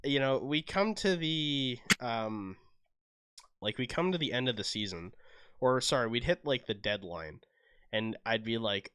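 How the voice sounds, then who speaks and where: Man, Canadian accent, young adult, podcast co-host, smooth clear voice, dry close mic. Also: on the low side, normal speed, dry recording. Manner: animated storytelling, acts out quotes. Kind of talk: casual chat.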